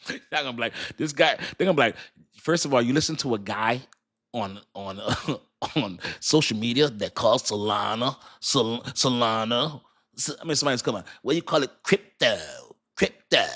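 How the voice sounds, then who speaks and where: A middle-aged man talks loosely on his own crypto livestream, laughing often and restarting his sentences as ideas come to him. He chats straight to his viewers and reads their messages out as he goes. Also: lowish voice. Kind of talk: casual livestream chat.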